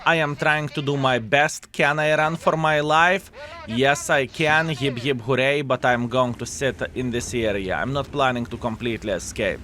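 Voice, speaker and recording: A man's voice: mid-range voice, moderate pace, bright, forceful tone. Chatty man doing gameplay commentary. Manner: chatty, talks to viewers with tag questions; non-native English phrasing.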